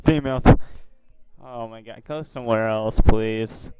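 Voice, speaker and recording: A man's voice: fairly low pitch, a little slow, a little mellow, clear, resonant tone, no echo, soft background music, low-quality recording. A man who makes online videos, giving casual commentary on video chats and reacting to viewers with exclamations and asides. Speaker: YouTuber.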